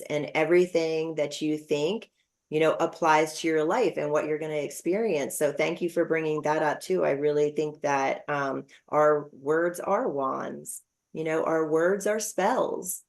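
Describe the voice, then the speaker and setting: A woman's voice: deep voice, fairly even intonation, measured pace. A middle-aged woman hosting a podcast interview, chatting casually with lots of fillers and personal stories. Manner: chatty, warm storytelling with frequent fillers. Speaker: podcast host.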